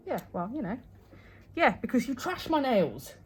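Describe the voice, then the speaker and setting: A woman's voice: on the high side, very animated, normal speed, slight background noise. Dry, teasing woman at work. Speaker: nail artist and channel host. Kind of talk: casual chat while working.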